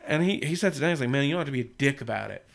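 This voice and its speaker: A man's voice: medium pitch, animated, very fast, vocal fry. A young man casually telling a long, profane story on a podcast, acting out what people said. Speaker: podcast co-host.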